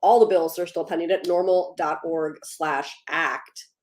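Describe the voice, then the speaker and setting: A woman's voice: low voice, steady tone, a little slow, darkish tone, echoey room. A woman hosting a casual livestream, upbeat, greeting viewers by name and laughing easily between policy updates. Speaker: livestream host.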